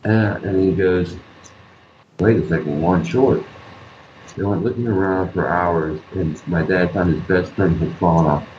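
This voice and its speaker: A man's voice: sits low, fairly even intonation, normal speed, few pauses, darkish tone. A man tells a personal story during an interview. He speaks earnestly, repeats phrases and acts out the voices of people he quotes. The recording is dull and lo-fi, with faint background noise. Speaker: guest artist and musician.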